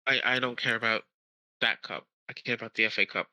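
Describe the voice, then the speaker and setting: A man's voice: mid-range voice, steady tone, brisk, sharp tone, rough recording. A man with an East Coast American accent co-streaming a game, talking bluntly in casual chat.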